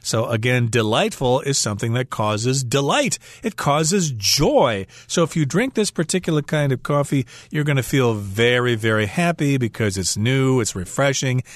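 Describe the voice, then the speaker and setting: A man's voice: mid-range voice, animated, normal speed, few pauses, no room sound. A man co-hosting an English lesson on the radio, explaining phrases with everyday examples. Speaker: English teacher co-host.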